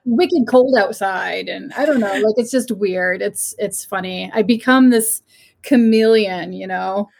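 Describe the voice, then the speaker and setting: A woman's voice: medium pitch, measured pace, vocal fry. A woman from Maine, a podcast guest, telling stories in a casual chat with frequent laughter. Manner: laughing, animated storyteller.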